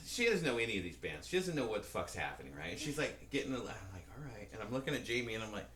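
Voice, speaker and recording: A man co-hosting a podcast tells a rambling, profane story with a lot of energy, and his pitch leaps up and down. His voice is bright and forward. The recording sits in a roomy, echoey space with a faint hiss of background noise. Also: sing-song, fast talker. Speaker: podcast co-host. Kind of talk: casual storytelling chat.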